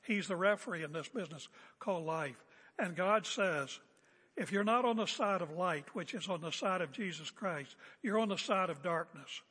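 A man's voice: high voice, expressive, moderate pace, a bit bright, slightly rough. A man preaching a sermon as a pastor, emphatic and confrontational, hammering home repeated phrases. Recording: echoey hall with long reverb.

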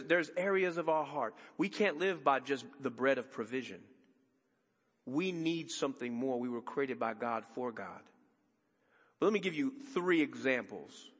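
A man preaching a sermon as pastor, emphatic and conversational with dramatic pauses, in a church sanctuary. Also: medium pitch, fairly bright tone, in a large hall.

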